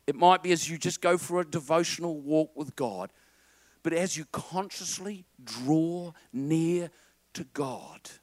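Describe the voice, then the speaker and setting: A man preaching a lively sermon to a congregation, quoting film lines and getting the crowd to repeat after him. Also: a little high, no echo. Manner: animated, quotes film lines and calls on the congregation.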